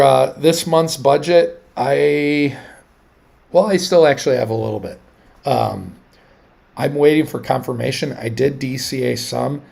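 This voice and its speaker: A man in his thirties hosts a casual livestream in a heavily gravelly, fried voice. His tone is husky, and he talks in a loose, rambling way, restarting sentences and getting animated as he goes. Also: mid-range voice. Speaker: livestream host.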